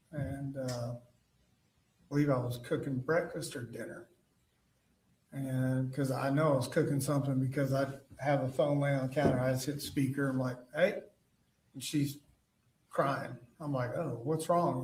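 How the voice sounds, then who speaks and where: A man testifying as a witness in court, halting and full of fillers and restarts. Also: mid-range voice, darkish tone. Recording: echoey courtroom audio from far off.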